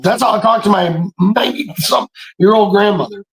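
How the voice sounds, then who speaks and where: A man telling stories in a casual monologue, animated and preachy, swearing freely and often breaking into shouts. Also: high voice, normal speed, poor audio. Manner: profane, streetwise slang. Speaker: podcast speaker.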